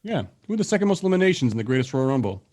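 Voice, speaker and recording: A man with a Canadian accent hosting a casual trivia quiz, reading the questions out slowly and bantering in a laid-back, profane way. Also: medium pitch, big pitch swings, darkish tone.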